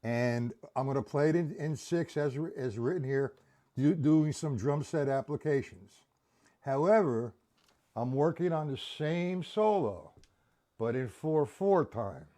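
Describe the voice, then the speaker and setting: A man's voice: fairly high pitch, lively intonation, unhurried, mellow. A man teaching a live-streamed drum lesson, counting beats aloud and checking in with viewers.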